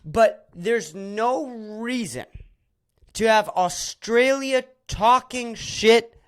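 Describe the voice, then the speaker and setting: A man's voice: very high voice, drawn-out words, a bit bright, clear, resonant tone. A man hosting a solo podcast, ranting in a profane, rambling, sarcastic way with many restarts. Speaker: podcast host.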